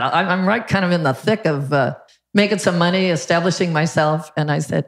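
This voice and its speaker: Older lady guest, low-ish voice, acts out all the quotes, echoey room. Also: brisk. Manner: lively storyteller who acts out quotes. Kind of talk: storytelling in a podcast interview. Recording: roomy echo.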